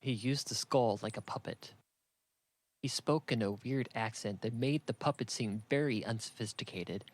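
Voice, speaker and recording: A man narrating an audiobook in an even, matter-of-fact reading. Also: medium pitch, normal speed. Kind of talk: scripted narration.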